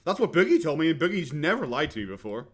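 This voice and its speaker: A quick-talking Irish man with a bright, forceful voice streams a late-night watchalong from his home. He jokes sarcastically, swears freely and keeps stumbling over his words. His voice sits a little higher than most men's. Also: sing-song. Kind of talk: casual live-stream commentary.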